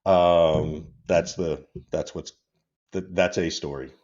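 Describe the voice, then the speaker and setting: A man's voice: deep voice, fairly even intonation, slow pace, darkish tone, dull audio. A man in his fifties, a podcast guest, telling personal stories in a rambling, candid way and laughing through them. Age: 50s. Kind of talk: casual interview storytelling.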